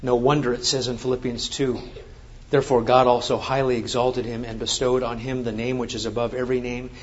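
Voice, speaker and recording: A man's voice: medium pitch, little pitch movement, a little fast. Emphatic male preacher, lo-fi sound. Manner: emphatic, rising to forceful exclamations. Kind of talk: sermon with scripture reading. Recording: dull lo-fi sound.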